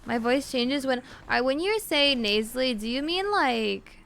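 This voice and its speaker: A woman streamer chatting casually with her viewers, talking with vocal fry and lots of fillers. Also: sits high, expressive, a little slow, a bit bright. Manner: chatty, answers chat with fillers and laughs.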